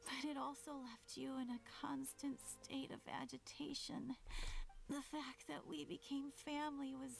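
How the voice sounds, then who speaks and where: A woman voicing a dying young sibling in a game cutscene, speaking softly and haltingly with regret. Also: high voice, flat delivery, vocal fry, exaggerated voice. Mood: tender. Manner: soft, halting farewell speech. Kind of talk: video game cutscene voice acting.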